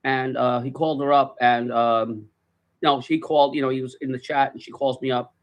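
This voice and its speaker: A man telling an anecdote in a casual, animated way, swearing freely and acting out the voices. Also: medium pitch, moderate pace, muffled recording. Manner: profane, animated, acts out the voices. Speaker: guest storyteller.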